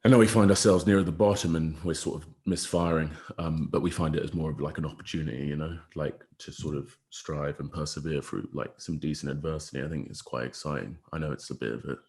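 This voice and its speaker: Very deep-voiced man chatting casually. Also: fairly even intonation, fast talker, few pauses, darkish tone. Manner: rambling, laughs often, slangy. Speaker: podcast co-host, rugby player. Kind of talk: casual chat.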